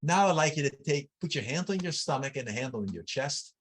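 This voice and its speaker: A man's voice: a little high, lively intonation, a little fast, slight background noise. Man leading an online breathing workshop. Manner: conversational, with frequent restarts and lists. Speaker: workshop facilitator. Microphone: video call.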